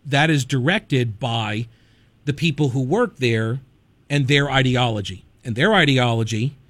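A man's voice: mid-range voice, a bit bright, dry recording. A man hosting a talk radio show, giving conversational commentary full of digressions and wry asides.

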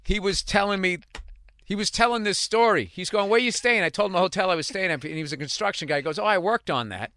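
Animated man telling stories, bright voice. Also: sits high, quick pace, no room sound, studio quality. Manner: animated storyteller, swears casually. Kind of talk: casual chat.

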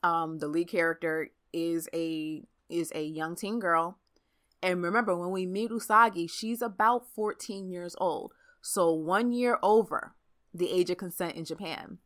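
Animated woman with a bright voice. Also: on the low side. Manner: animated, talks fast with frequent fillers. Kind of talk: casual chat.

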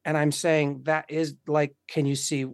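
Casting: man, fairly high-pitched, impassioned casual talker who curses freely, close and dry sound. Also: little pitch movement, unhurried, no echo. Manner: impassioned, swears often, acts out quoted voices. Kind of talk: casual conversation.

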